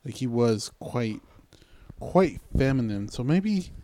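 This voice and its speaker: A man co-hosting a podcast, telling a story in casual chat, repeating himself and trailing off into a low mutter. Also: animated, slow, warm tone.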